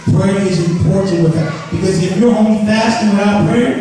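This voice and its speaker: Preacher, male, high-pitched, lively call-and-response delivery, distant mic in a big reverberant hall. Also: a little fast. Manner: call-and-response preaching, acts out voices for laughs. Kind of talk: sermon. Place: large worship hall. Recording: echoey hall from far off.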